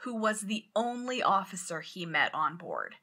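A woman co-hosting a podcast, telling a story in casual chat, animated and swearing as she acts out quotes loudly. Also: mid-range voice, normal speed, husky. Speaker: podcast co-host.

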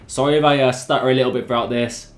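A young man talks through his football video game match in a fast, excitable, chatty stream of commentary, constantly calling out to his viewers. His voice sits at an ordinary middle pitch. The sound carries a noticeable echo from the room. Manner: excitable, chatty, keeps addressing the lads. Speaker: gaming YouTuber. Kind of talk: live gameplay commentary.

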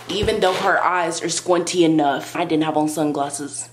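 Low-voiced young woman telling a dramatic story. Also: moderate pace. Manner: dramatic, sarcastic, exaggerated storytelling. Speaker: vlogger. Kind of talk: comic storytime monologue. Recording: roomy with faint hum.

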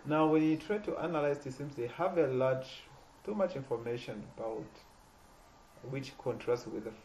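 Halting man teaching a poetry lesson. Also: a little mellow, a little hiss or hum, low-quality recording. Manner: halting, repeats and restarts words, stresses words with rising pitch. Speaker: literature teacher.

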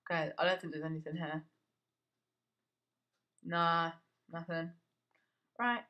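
A man's voice: a little high, fairly even intonation, normal speed, pauses often, bright, forceful tone. A teenage boy giving casual gameplay commentary. He mutters to himself, swears, and yelps whenever something startles him. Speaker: gamer.

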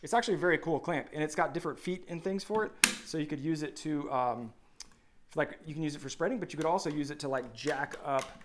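A man in his thirties co-hosts a live stream, reading viewer comments aloud in an upbeat, joking way and humming as he scrolls. He talks fast in a slightly high voice, with background noise.

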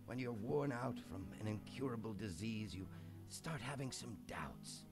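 An actor playing an ailing older man who is courteous but gloomy, speaking with slow, formal politeness. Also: on the low side, expressive. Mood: brooding. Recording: game cutscene with music underneath. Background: music.

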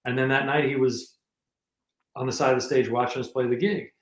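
A New man spins long, rambling road stories in a loose conversational way, stopping and restarting his sentences. His voice sits at an ordinary middle pitch. The recording carries a noticeable echo from the room. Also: steady tone, a little fast. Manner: rambling anecdotes with many restarts. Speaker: guest musician and filmmaker. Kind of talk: casual storytelling interview.

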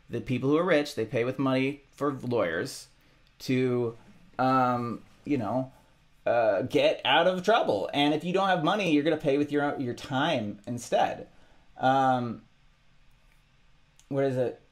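A man musician talking casually about his own songs, halting and rambling with many restarts. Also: medium pitch. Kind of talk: casual reflective monologue.

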